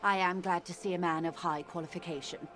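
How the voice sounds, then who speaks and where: An actress playing a composed, formal middle-aged negotiator in a video game, speaking with measured, precise diction. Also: female voice, lowish voice, steady tone, a bit bright, faint music behind, natural voice.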